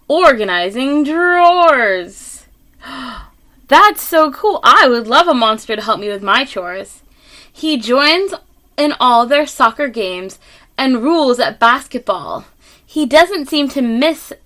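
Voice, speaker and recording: A woman reading a picture book aloud to children, gentle and expressive, with gasps and little asides to her listeners. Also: a little high. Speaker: read-aloud reader.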